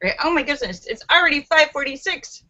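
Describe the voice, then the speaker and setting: A woman's voice: animated, a little fast, sharp tone, muffled recording. A woman hosting a casual live stream, reading viewer comments aloud and chatting playfully with plenty of laughter. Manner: playful, laughs often, acts out stories with squeaky voices. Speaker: livestream host. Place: home in Los Angeles.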